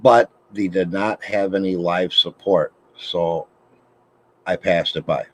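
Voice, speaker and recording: A man's voice: sits low, fairly even intonation, takes it slowly. A man chatting casually as a co-host, telling laid-back stories with a laugh. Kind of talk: casual chat. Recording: dull lo-fi sound.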